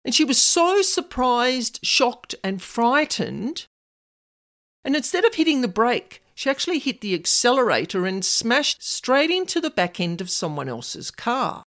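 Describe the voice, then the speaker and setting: A woman's voice: on the high side, very animated, a little slow, fairly bright tone. A woman narrating a personal story in a conversational way with casual asides.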